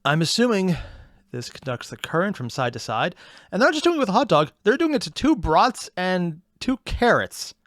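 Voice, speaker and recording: A man hosting a reaction video, sarcastic and excitable, swearing freely. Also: high-pitched, moderate pace, no room sound, clean studio sound. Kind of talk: reaction commentary.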